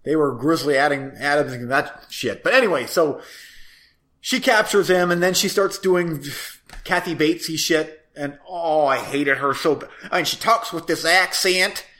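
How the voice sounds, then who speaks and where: A man chatting on a podcast, ranting with profanity and frequent laughter. His voice sits a touch high. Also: animated, moderate pace, a bit bright. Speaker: podcast co-host reviewing movies. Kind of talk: casual chat.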